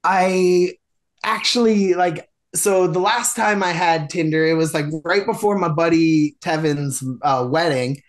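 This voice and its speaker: A man's voice: a little high, unhurried. A man, a podcast guest, telling a long dating story in a casual, rambling way with many fillers and restarts.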